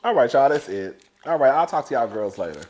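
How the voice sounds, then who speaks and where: A man giving a casual, sassy recap of a reality show, laughing often and calling his viewers "girl" while swinging between loud and hushed. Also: mid-range voice, very animated, brisk.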